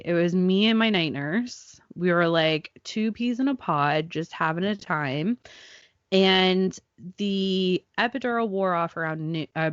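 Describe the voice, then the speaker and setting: A woman in her 30s hosts a podcast, casually chatting and telling an animated story in which she acts out the people she quotes. Her voice is on the low side, with no echo and the highs cut off.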